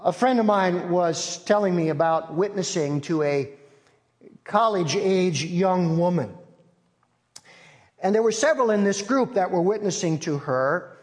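A man preaching a sermon as pastor, telling a story in an earnest, measured way. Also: high voice, darkish tone. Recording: long reverb of a large hall.

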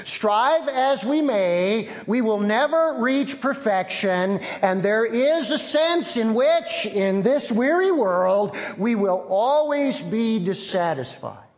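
A man preaching a sermon as pastor, telling a story in an earnest, measured way. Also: sits high, animated. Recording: long reverb of a large hall.

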